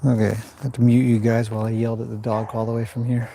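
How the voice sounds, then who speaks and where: A man giving calm livestream commentary while training a horse in an indoor arena, talking to the horse and his viewers in turn. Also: mid-range voice, fast talker, creaky, a little hiss or hum.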